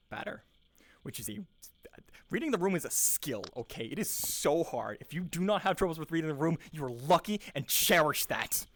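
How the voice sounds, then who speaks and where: Earnest rambling young man, higher voice. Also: fairly bright tone, no room sound. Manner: earnest, enthusiastic, repeats words while searching. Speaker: improv teacher. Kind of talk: casual rambling monologue.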